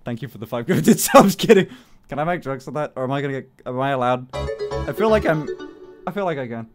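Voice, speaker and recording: A young male streamer with a mid-range, expressive voice talks a little fast while faint music plays behind him. He reads out chat messages in casual conversation with his viewers, joking, cursing, and laughing frequently.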